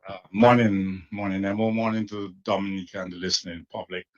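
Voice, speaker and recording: A man's voice: sits low, little pitch movement, brisk, lo-fi sound. Earnest, hesitant man speaking out. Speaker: doctor and supporter. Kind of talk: earnest statement at a news interview.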